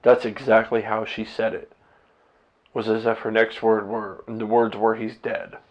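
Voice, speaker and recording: A man's voice: fairly low pitch, completely flat delivery, unhurried, highs cut off. A man talking candidly to his own camera, blunt and profane, rambling with restarts as a husband and father. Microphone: camera set up by himself.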